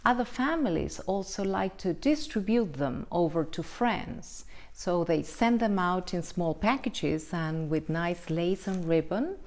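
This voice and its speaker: Slow, animated woman teaching English. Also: lowish voice. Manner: slow, deliberate, explanatory with frequent checks like "right?". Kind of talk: online English lesson.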